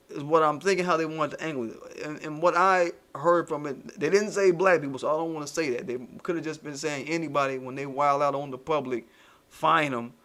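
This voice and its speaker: A man hosting a casual commentary stream, ranting in profane, animated street slang. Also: on the high side, normal speed. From United States. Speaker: channel host.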